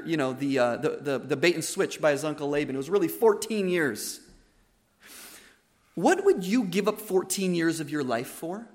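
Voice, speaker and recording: Earnest high-voiced preacher in a reverberant hall. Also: male voice. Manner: earnest, emphatic, repeats key phrases. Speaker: officiating minister. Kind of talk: wedding sermon.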